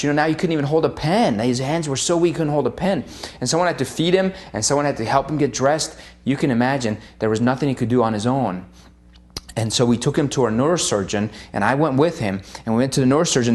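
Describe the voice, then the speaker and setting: A chiropractor telling a personal story, earnest and vivid, in the present tense, with frequent pauses and fillers. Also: male voice, medium pitch.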